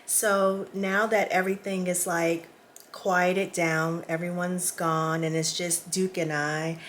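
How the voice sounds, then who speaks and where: A woman's voice: lowish voice, level tone, slow, fairly bright tone, slight background noise. A woman vlogger talking casually to camera in a small indoor guest room. She is emotional and close to tears, and chats directly with her viewers. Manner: chatty, addresses viewers directly.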